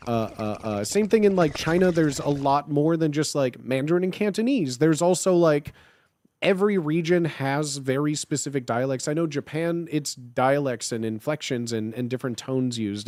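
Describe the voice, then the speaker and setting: Chicago-accented man, casual stream chat, rambling with lots of "like", voice sits on the higher side, dry close sound. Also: darkish tone, no echo. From Illinois. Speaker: live streamer.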